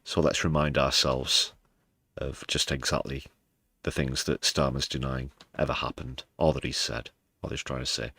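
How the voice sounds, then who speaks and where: A man's voice: extremely low pitch, fairly even intonation, normal speed, vocal fry, sharp tone, no echo. A British man hosting a political news livestream, talking casually with wry, sarcastic asides. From United Kingdom.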